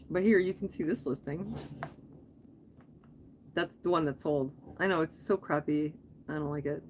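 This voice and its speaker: A woman's voice: on the low side, slight background noise. A woman who hosts a live stream, chatting in a rambling way full of asides as she reads comments from her viewers. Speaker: online reseller and channel host.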